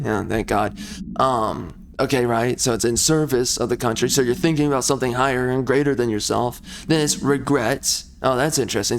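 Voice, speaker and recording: A man's voice: mid-range voice, slight background noise. A man giving casual commentary while playing a video game, rambling and ranting with sarcastic asides.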